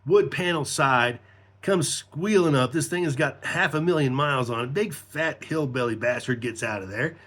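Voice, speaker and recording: A man's voice: mid-range voice, moderate pace, a bit bright. A middle-aged man telling a rambling, profane personal story in casual talk, laughing as he goes.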